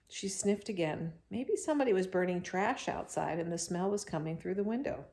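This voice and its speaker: A woman reading a chapter book aloud to children, expressive and animated in her phrasing. She sometimes breaks off for chatty asides to her young listeners. Her voice sits a little low. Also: brisk.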